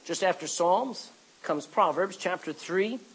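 Reading scripture and urging the congregation to say amen, this man preaches as pastor in a high, fairly bright voice at a measured pace. The low-quality recording carries slight background noise.

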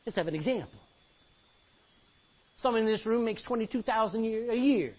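A man preaching a sermon as pastor, animated and joking with the congregation. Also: high-pitched, fairly quick. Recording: dull lo-fi recording.

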